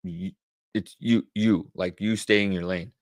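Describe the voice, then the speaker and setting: A man's voice: fairly low pitch, fairly even intonation, unhurried, no echo, clean studio sound. A man running a casual leadership Q&A, talking things through aloud and firm about standards. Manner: conversational, thinks aloud while searching and sharing screen. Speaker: leadership coach. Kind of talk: casual teaching Q&A.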